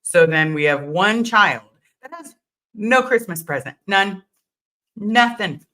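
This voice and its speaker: Woman on a livestream, bright voice, greets everyone by name, rambly storytelling. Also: mid-range voice, animated, slow pace. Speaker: livestream host. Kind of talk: casual live-stream chat.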